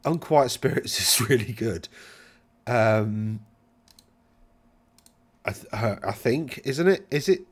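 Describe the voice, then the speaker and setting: A man's voice: on the low side, animated, extremely slow, pauses often. A man hosting a casual commentary, rambling, correcting himself and brushing things off with wry remarks. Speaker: channel host reviewing game rules.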